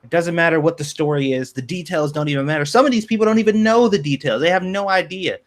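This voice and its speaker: A man's voice: fairly high pitch, fast. A man co-hosting a casual podcast, arguing his point bluntly and with plenty of swearing. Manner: blunt, profane, argumentative. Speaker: podcast co-host. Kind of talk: casual chat.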